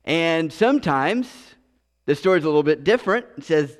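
A pastor with a slightly high, animated voice preaches a sermon at normal speed, the sound carrying the long reverb of a large hall. He is earnest and often repeats and restarts his words.

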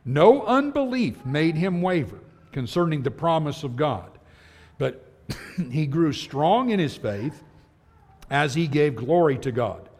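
A man preaching a sermon, reading scripture slowly and pressing his points with earnest emphasis. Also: on the high side, a little mellow. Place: church auditorium. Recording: long church hall reverb.

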